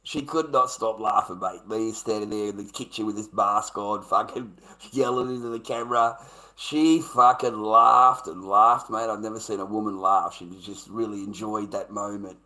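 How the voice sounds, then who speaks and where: A middle-aged Australian man livestreams a casual, rambling storytelling rant, swearing and laughing as he goes. His lowish voice has a sharp tone, fairly even intonation, and a moderate pace. The audio quality is poor.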